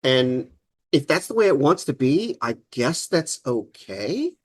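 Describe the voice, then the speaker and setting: A man from Virginia with a Virginia accent, co-hosting a podcast in emphatic, animated casual chat. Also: mid-range voice, a little slow. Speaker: podcast co-host.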